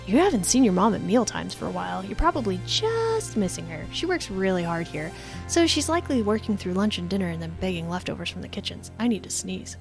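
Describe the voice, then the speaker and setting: A woman's voice: mid-range voice, very animated, brisk, vocal fry, soft background music. A woman streaming a story game live, chatting and reading the game text aloud.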